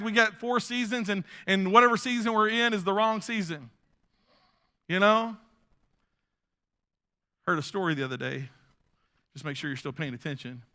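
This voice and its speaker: A male pastor preaching a sermon in an animated way, swinging from loud bursts down to hushed asides. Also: high voice.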